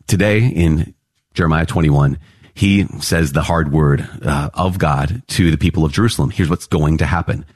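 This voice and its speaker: A priest opening with prayer, then teaching Bible passages in an earnest, excitable way. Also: male voice, rumbling low, husky, no room sound, studio quality. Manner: earnest, excitable, quick asides with laughs.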